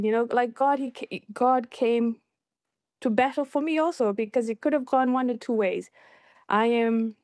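A woman guest in an interview, telling her own story in a casual, animated way and jumping up in pitch when she quotes people. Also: no echo. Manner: animated, acts out quoted voices with high pitch jumps.

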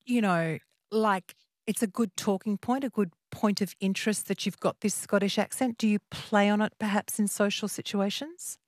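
A woman hosting a national radio phone-in at night, asking quick questions and teasing her callers. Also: medium pitch, dry recording, studio quality. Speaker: radio host. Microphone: studio microphone.

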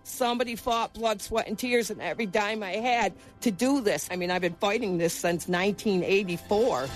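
A woman's voice: mid-range voice, normal speed, soft background music. A woman in her fifties, a former boxer, telling her story in an earnest, emphatic way during an interview. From United States. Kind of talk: personal recollection in an interview.

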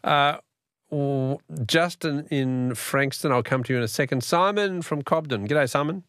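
A man hosting a talkback radio quiz, chatty and quick to laugh as he reads out messages. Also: medium pitch, a bit bright, no echo, studio quality.

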